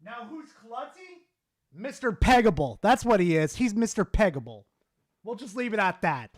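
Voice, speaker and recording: A man streaming casually, reading chat aloud and reacting with heavy swearing, muttering one moment and yelling the next. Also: high voice, moderate pace. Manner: profane, excitable, swings from muttering to yelling.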